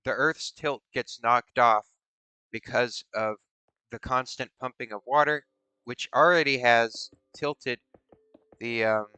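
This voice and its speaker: A man's voice: medium pitch, fairly even intonation, slow, pushed and bright, smooth, no room sound. A man hosting a stream in casual, rambling chat, musing aloud in a playful way. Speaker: streamer host.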